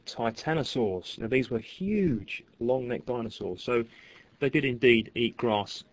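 A man talks as a podcast guest in a halting way, restarting his sentences often. His voice sits mid-range. The sound is dull and lo-fi. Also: mid-range voice, lively intonation, dry recording. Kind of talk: casual podcast chat.

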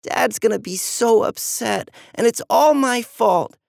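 The storybook narrator voicing an anxious, earnest young girl, high and pleading. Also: measured pace, gravelly, a little mellow, no room sound, studio quality. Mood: worried.

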